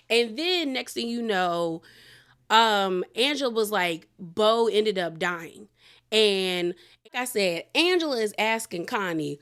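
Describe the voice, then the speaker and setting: Woman talking fast and loose, mid pitch, laughs and exclaims a lot. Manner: chatty, animated, exclaims and laughs. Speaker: show reviewer. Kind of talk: casual recap.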